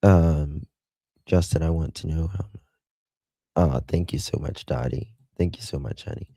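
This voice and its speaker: Middle-aged Southern man, livestream host, low unhurried voice, dry close sound. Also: gravelly, mellow, no echo. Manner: chatty, reads viewers' chat aloud with endearments. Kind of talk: casual livestream chat.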